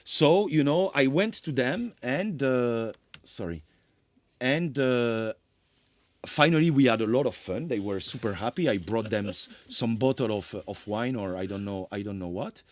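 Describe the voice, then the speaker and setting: A man's voice: medium pitch, animated, measured pace, dry recording. Man giving a rambling lecture. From France. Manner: rambling, self-correcting, apologetic asides. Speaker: composer presenting his work. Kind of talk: conference lecture.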